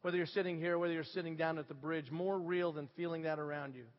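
A middle-aged pastor with a bright, high-pitched voice delivers a storytelling sermon, dropping low and quiet, then climbing loud. The sound is slightly dull, carried in a long church reverb. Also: male voice, fast. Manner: animated storytelling, swinging from hushed to shouting. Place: church sanctuary.

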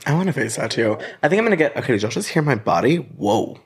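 A man's voice: medium pitch, very animated, quick pace, gravelly, a little hiss or hum. A man who is a guest on a podcast, telling stories in a playful, giggly way during casual chat.

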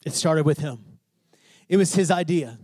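A man's voice: a little high, normal speed, a little mellow, dry recording. A pastor preaching to his congregation, asking questions and building to fervent emphasis. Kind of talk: sermon.

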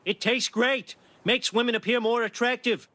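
A man's voice: extremely high pitch, fairly even intonation, normal speed, sharp tone, no echo. An actor voicing a jovial cartoon man cheerfully arguing in defence of alcohol. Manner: cheerful, mock-reasonable arguing.

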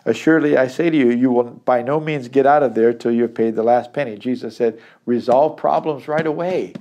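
Middle-aged guy teaching the bible, reads a verse then explains it, earnest and emphatic, medium pitch. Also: brisk, a little mellow, dull audio. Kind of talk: daily Bible study teaching.

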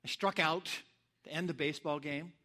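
A man delivers a sermon in a high, bright voice. He tells his stories with animated energy and acts out the lines of the people in them. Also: moderate pace. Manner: animated storyteller, acts out shouts and quotes. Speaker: pastor. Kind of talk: sermon with storytelling.

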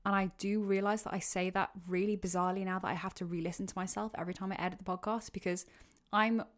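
A woman's voice: mid-range voice, fairly even intonation, fast talker. A young woman with a Welsh accent hosts her own podcast and speaks straight into a podcast microphone. She chats loosely through listener questions, rambling and catching her own words as she goes. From Wales. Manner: chatty, rambling, self-correcting. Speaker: podcast host. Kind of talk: casual solo Q and A.

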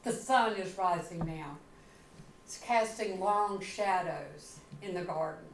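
A woman pastor preaching a sermon, telling the story slowly and dramatically. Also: lowish voice, echoey room, a little hiss or hum, low-quality recording. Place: church sanctuary.

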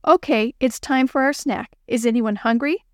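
A woman voicing a patient children's teacher in a storybook, gently instructive. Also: fairly high pitch, moderate pace, no echo, clean studio sound, natural voice. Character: calm adult woman children's church teacher.

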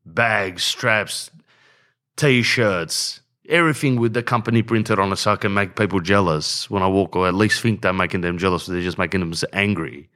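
A man's voice: low voice, normal speed, sharp tone. A man ranting bluntly in slangy casual talk, often saying "bro", as a podcast host. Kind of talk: casual rant.

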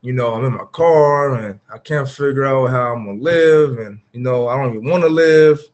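A man's voice: medium pitch, normal speed, a little mellow, muffled recording. A man guest on a podcast, candidly recounting a personal story in an earnest, open way with frequent fillers. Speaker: podcast guest, former pro football player.

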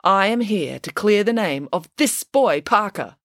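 A woman's voice: mid-range voice, expressive, unhurried, a bit bright, no room sound, clean studio sound, pitched above the performer's own voice. A woman voicing an unflappable, matter-of-fact young girl detective in a storybook reading. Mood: calm.

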